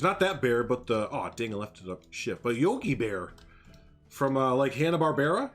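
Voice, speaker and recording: A male streamer chats loosely with his viewers while he plays, rambling from topic to topic with plenty of laughs. His voice sits at an ordinary, middling pitch, with faint music in the background. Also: big pitch swings, normal speed, fairly bright tone. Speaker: game streamer. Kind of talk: casual live-stream chat.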